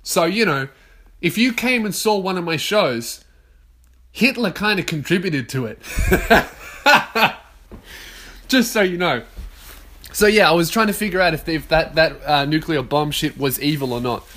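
Profane rambling man, higher voice. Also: expressive, moderate pace, fairly bright tone. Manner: profane, rambling, laughs at own jokes. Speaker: podcast host. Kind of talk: casual solo podcast rant.

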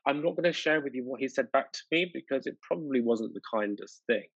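A man from the United Kingdom, interviewed about his own life, talking in a reflective way and often filling pauses with "sort of" and "you know". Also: mid-range voice, lively intonation, slightly rough, no room sound. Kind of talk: personal storytelling in conversation. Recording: dull lo-fi dry recording.

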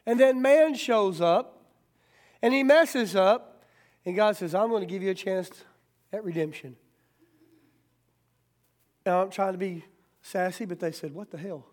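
A man preaching a sermon as pastor, plainspoken and folksy, swinging from quiet talk to sudden loud rises. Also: high-pitched, a little slow, pauses often.

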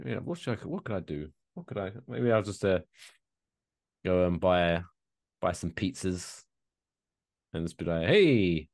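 A man's voice: low-pitched, measured pace, gravelly, pauses often, a little mellow. A man co-hosting a podcast in casual chat, telling profane rambling stories with a tired, wearing-out voice. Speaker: podcast co-host.

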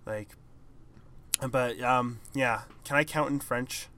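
A young man co-hosting a podcast, rambling and hedging in casual chat, often trailing off quietly. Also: mid-range voice, slow. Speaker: podcast co-host.

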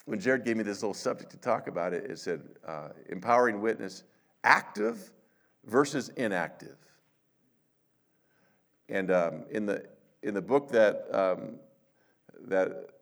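A man's voice: fairly low pitch, measured pace, pauses often. An older man, a pastor of many years, giving a conversational sermon, telling stories with self-deprecating humor and acting out quotes.

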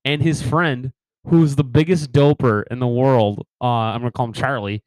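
A man's voice: medium pitch, steady tone, moderate pace, a little mellow, dry recording, rough recording. A man co-hosting a podcast, chatting casually and telling a story on a close mic, often breaking into laughter. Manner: laughs often, trails into giggles. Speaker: podcast co-host.

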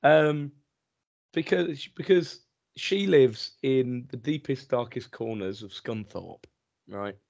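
A man's voice: slow, vocal fry, darkish tone, dry recording. A man, co-hosting a podcast and telling sweary stories in casual chat. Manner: sweary storyteller, mimics others in high voices. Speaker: podcast co-host. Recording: dry muffled podcast mic.

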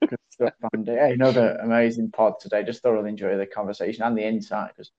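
A man co-hosting a golf podcast, speaking casually and warmly appreciative of the talk. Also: lowish voice, flat delivery, fast. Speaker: podcast co-host. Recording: dull lo-fi podcast audio.

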